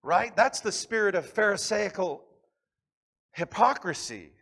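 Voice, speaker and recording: A man's voice: high voice, lively intonation, unhurried. Man preaching with rising intensity. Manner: impassioned preaching, swinging from loud to soft. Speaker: pastor. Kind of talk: sermon.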